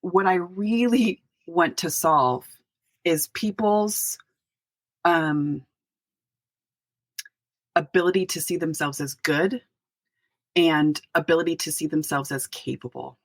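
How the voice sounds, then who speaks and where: A woman pastor in middle age talks as a podcast guest. Her voice sits low and the sound is dry and close. She speaks earnestly and reflectively, pausing to find her words. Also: dry recording. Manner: earnest, reflective, with pauses and restarts. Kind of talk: podcast interview.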